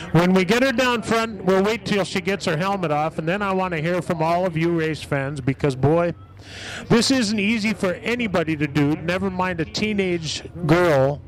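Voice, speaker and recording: A man's voice: high voice, lively intonation, normal speed, low-quality recording. A man announcing a race live, chatty and full of praise for the winner.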